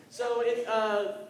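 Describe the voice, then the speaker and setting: A man's voice: very high voice, a little hiss or hum. A teenage boy doing a stand-up monologue at an open mic, nervous and self-deprecating, often stumbling over his words. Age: teens. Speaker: student comedian. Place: school hall with audience. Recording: echoey hall from far off, crowd.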